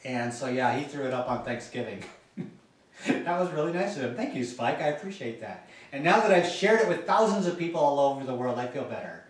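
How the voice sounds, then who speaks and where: Animated man telling a story in an echoey room. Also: mid-range voice, fairly quick, recorded from a distance. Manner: animated, jokey, laughs through the story. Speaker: gardening channel host. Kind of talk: casual vlog storytelling.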